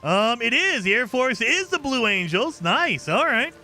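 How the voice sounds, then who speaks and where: A man's voice: extremely high pitch, big pitch swings, unhurried, sharp tone, faint music behind. A man streaming a game, chatting casually with viewers in a joking, teasing way and laughing often. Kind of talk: casual live commentary while playing.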